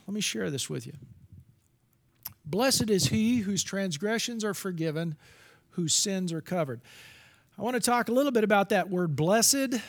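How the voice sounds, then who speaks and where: A man's voice: high-pitched, fairly bright tone. A middle-aged man giving a candid, confessional sermon as a preacher, with restarts and asides.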